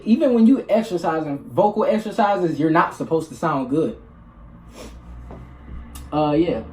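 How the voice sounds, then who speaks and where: Vlogger speaking to camera, casual and rambling, profane, mid pitch, roomy echo. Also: a little mellow. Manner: blunt, profane, loose and rambling. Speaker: spiritual vlogger. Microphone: camera mic. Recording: echoey room.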